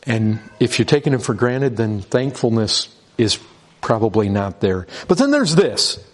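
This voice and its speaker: This pastor, a middle-aged man, gives a conversational sermon marked by restarts and repeated words, reading scripture aloud as the urgency builds. His medium-pitched voice is sing-song and a little slow.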